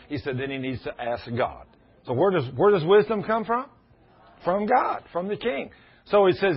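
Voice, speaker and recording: A middle-aged man preaching a sermon in a folksy storytelling way, now and then rising to loud emphasis. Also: on the high side, very animated, moderate pace, slightly rough. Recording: muffled lo-fi sound.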